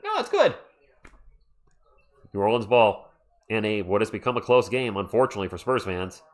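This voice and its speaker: A man's voice: fairly low pitch, quick pace. Chatty man calling a basketball game. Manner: chatty, excitable, reads chat aloud. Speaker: livestream host. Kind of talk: casual play-by-play commentary. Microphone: USB desktop microphone.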